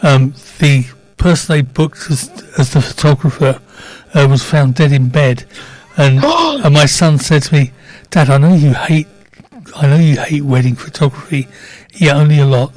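A man's voice: on the high side, moderate pace, darkish tone, dry recording. An older man co-presenting a radio show, telling a wry story in casual chat.

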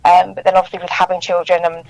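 A woman's voice: fairly low pitch, completely flat delivery, quick pace, no room sound. Friendly woman author, dry phone line. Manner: friendly, gently hesitant. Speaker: guest children's author. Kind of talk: phone interview. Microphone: mobile phone.

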